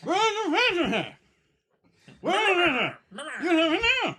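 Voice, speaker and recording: A player doing a squeaky nasal interrogator. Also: sing-song, normal speed, background noise. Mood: demanding. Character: man questioning in a pinched nasal voice.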